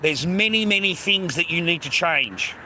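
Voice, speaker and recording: Australian man, street streamer, crude and rambling, ends lines on mate and bro; slightly high, sharp bright voice, handheld phone outdoors. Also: animated, normal speed, slight background noise. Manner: swears constantly, tags lines with mate and bro. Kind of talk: casual rambling walk-and-talk stream. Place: outdoors on a suburban street near the beach.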